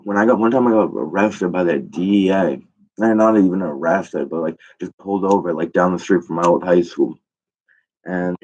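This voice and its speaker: A young man with a very low voice spins a rambling, swear-heavy comic story, stacking fillers as he goes. The sound is dull and lo-fi. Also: a little mellow. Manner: profane, rambling, full of fillers. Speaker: comedian. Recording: dull lo-fi recording.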